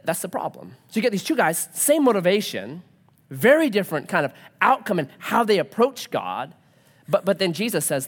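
A male pastor in his thirties delivers a sermon with an animated, swooping delivery. He drops into quick back-and-forth dialogue as he tells a story, with his pitch rising and falling all the way through.

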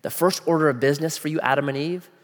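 A man preaching a sermon in a casual, animated way, using slang and asking the listeners questions. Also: a little high, very fast. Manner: animated, acts out voices of people in the story. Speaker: pastor. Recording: long hall reverb.

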